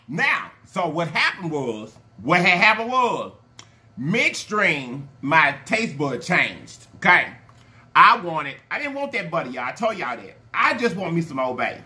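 A man hosting a casual eating vlog, his voice a little high and very bright. He gushes and repeats himself, swinging widely in pitch, and hums with pleasure between bites. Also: very animated, moderate pace. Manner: effusive, repeats words over and over; eating with loud appreciative murmurs. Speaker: mukbang channel host.

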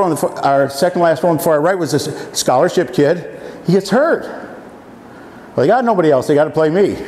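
A man in his seventies, from Iowa, telling folksy personal stories to an audience, often pausing with "uh.". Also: fairly high pitch, a little mellow. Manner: folksy, halting with many fillers. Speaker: speaker. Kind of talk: storytelling talk to an audience. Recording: echoey hall, faint room noise.

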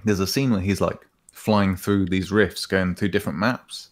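Brief: laid-back male co-host with a lowish voice, rambling casual gaming talk. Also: moderate pace. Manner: relaxed, rambling, lots of fillers and "man", "bro". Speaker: podcast co-host.

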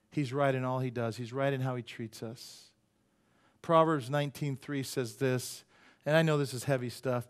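A man, a pastor, preaching a casual, joking sermon in a church and acting out quoted voices with big jumps in pitch. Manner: joking and conversational, teases the audience. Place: church sanctuary.

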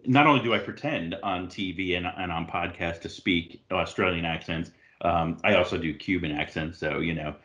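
A man's voice: sits low, moderate pace, few pauses. A man from the United States, a guest author on a podcast, joking and telling stories in casual chat. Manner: joking, animated storyteller.

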